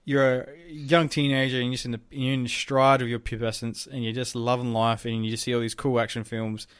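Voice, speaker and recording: A man's voice: mid-range voice, little pitch movement, brisk, fairly bright tone, clear, resonant tone, dry recording, clean studio sound. A young man co-hosting a podcast in casual chat, rambling with many ums and some swearing. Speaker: podcast co-host.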